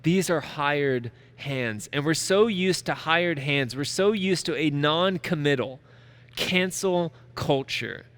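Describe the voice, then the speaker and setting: A man's voice: a little high, slow, a bit bright. A man preaching a sermon as a pastor, emphatic and repeating key phrases for weight.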